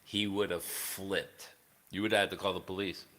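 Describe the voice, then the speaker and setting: A man's voice: sits low, level tone, normal speed, sharp tone, long reverb tail. A man chatting casually on a livestream, rambling and swearing, with many fillers. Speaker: livestreaming guitarist.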